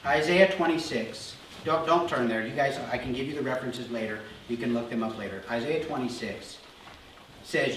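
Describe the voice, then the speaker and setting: A male pastor preaching a sermon, telling the story with animated energy and acting out voices before settling into calm, earnest teaching. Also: medium pitch, normal speed, slight background noise. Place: church sanctuary. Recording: roomy hall from a distance.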